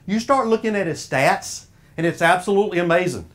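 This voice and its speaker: A man speaking to an officials' association talks briskly in a high voice with lively intonation. With his Southern US accent, he gives a homespun, sermon-like pep talk to sports officials and keeps quizzing the crowd.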